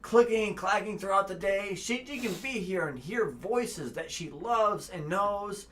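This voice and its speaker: A man co-hosting a livestream, reading donations and telling stories in an animated, heartfelt way. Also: high voice, unhurried. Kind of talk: casual livestream chat.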